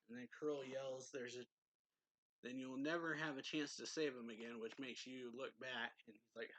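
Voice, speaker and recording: A man's voice: mid-range voice, measured pace, pushed and bright, low-quality recording. A man giving a casual, rambling recap as an anime reviewer, lifting his voice when he reads out lines. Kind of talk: casual chapter recap, reading out character lines.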